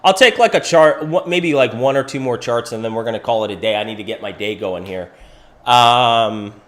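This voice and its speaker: A middle-aged man hosting a live crypto stream, talking through charts in an animated, conversational way. His voice sits at an ordinary mid pitch, and he speaks to viewers by name as he goes. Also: moderate pace. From Pennsylvania, USA. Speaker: crypto livestream host. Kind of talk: live chart analysis with chat questions.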